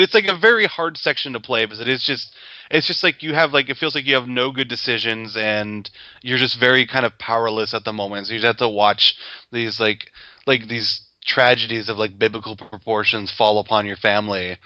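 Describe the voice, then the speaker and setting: Podcast guy with a bright, tense voice, chatty and thoughtful, kinda muffled dry mic. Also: medium pitch, fairly even intonation, brisk, no echo. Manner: thoughtful, many likes, brief agreeing replies. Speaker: podcast co-host. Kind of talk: casual gaming podcast chat.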